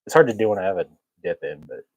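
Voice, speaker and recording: Low-voiced rambling podcast host man. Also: big pitch swings, racing, no room sound, dull audio. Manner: rambling, chuckles often, self-mocking humor. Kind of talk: casual chat.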